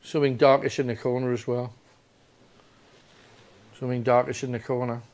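Here the host's voice is medium in pitch, flat and somewhat dark, delivered at a moderate pace. Hunting ghosts in an old building at night, this paranormal investigator keeps firing questions at the spirits, coaxing them before growing demanding.

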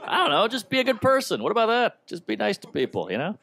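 Animated wry stand-up comedian man. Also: high voice, fast, vocal fry, noisy background. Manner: animated, wry, mock-offended delivery.

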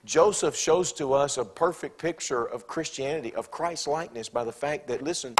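A man with a Southern American accent preaching from the pulpit in a church. His voice sits a bit high for a man. He swings between ringing, emphatic declarations and soft, almost whispered asides. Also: normal speed, few pauses, slightly rough. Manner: swings from loud preaching to hushed, near-whispered quotes. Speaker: pastor. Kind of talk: sermon. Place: church sanctuary.

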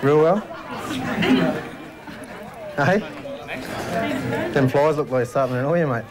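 A man's voice: fairly high pitch, takes it slowly. A man with an Australian accent pestering someone with nosy, repeated questions, outdoors. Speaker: paid heckler in a comedy segment. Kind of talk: comedy field segment. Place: outdoors among a crowd. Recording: crowd noise outdoors.

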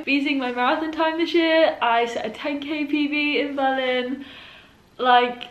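A young woman in her twenties talks to camera, her voice a little high. She sounds emotional and heartfelt, and she fills her sentences with "like." The room around her is noticeably echoey. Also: unhurried, muffled recording. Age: 20s. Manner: emotional, heartfelt, leans on "like" a lot. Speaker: vlogger. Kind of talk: reflective birthday vlog. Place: indoors at home.

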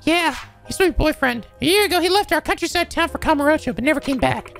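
A man doing a high, sweet college girl. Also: fast talker, creaky, a bit bright, soft background music, heavily acted. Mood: earnest. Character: naive sweet young female college student. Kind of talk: voicing game dialogue.

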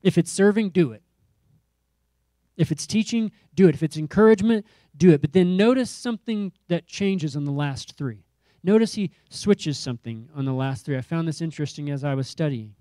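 A male pastor preaching with emphatic, repetitive rhetoric that builds in rising calls. His voice is mellow and warm, recorded close and dry with no room sound. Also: a little high, normal speed, no room sound. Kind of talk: sermon.

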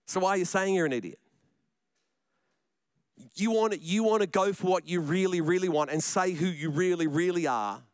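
A man's voice: high-pitched, moderate pace, pauses often, clear, resonant tone, no room sound. A man preaching a sermon in church, chatty and joking, often repeating his words. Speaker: pastor.

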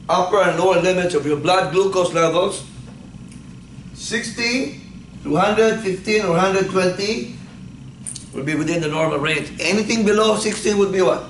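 A man's voice: high voice, a bit bright. A male instructor giving a classroom lecture. He keeps asking the class questions and then answering them himself. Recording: echoey classroom, faint background noise.

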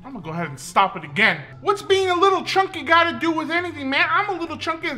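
A young man riffs on a reality-show clip with a bright, punchy tone. His pitch jumps all over as he jokes and slips into mock voices, with faint music playing underneath. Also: fast. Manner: joking, animated, often slips into mock voices. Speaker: YouTube commentator. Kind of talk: comedic reaction commentary.

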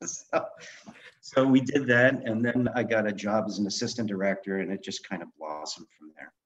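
A man's voice: fairly low pitch, moderate pace. A man in his sixties, an author and director, telling stories in a podcast interview and acting out the dialogue. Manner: animated anecdotes, acting out quoted dialogue. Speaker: guest, author and film director. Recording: dull lo-fi sound.

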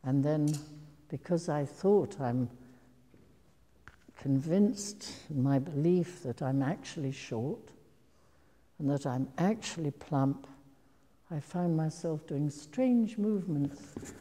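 An older woman with a low, very mellow voice tells career anecdotes to an audience. She takes her time, pausing on ums and breaking into soft laughs. Her voice carries a long reverb from a large hall. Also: animated. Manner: slow and reflective, with frequent ums and soft laughs. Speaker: actress giving a talk.

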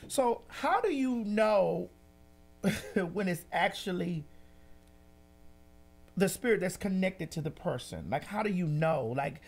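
A woman's voice: lowish voice, animated, takes it slowly, gravelly, pauses often, a little mellow. A woman hosting a casual interview, framing her questions hesitantly and repeating words as she goes. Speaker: host.

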